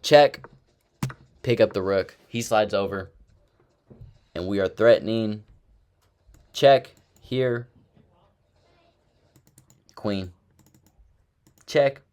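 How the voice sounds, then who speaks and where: Low-voiced man narrating a chess game. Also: slow pace, pauses often, smooth. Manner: excited play-by-play, talks to himself. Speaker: chess streamer. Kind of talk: chess game recap commentary.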